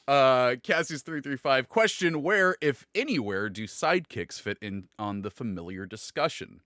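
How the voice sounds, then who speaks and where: A man's voice: on the high side, wildly swooping pitch, takes it slowly, bright, forceful tone, no room sound, studio quality. A man hosting a casual livestream chat, reading viewer questions and laughing often. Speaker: host.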